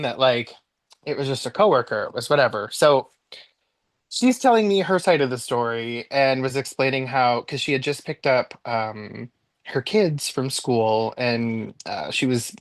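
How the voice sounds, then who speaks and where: Man, casual storyteller, animated, lots of likes and ums, dry close sound. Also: dry recording. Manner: animated, jumps high in pitch when replaying his own panic; chatty with frequent likes and ums. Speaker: podcast guest.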